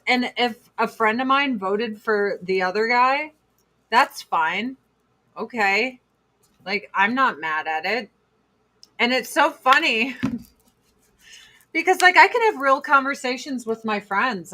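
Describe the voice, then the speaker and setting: A bright, high-pitched woman in her forties holds forth on a casual livestream. She talks bluntly and profanely, slipping into mocking impressions of other people mid-rant. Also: unhurried. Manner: blunt, profane, animated rants with mocking put-on quotes. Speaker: livestream host.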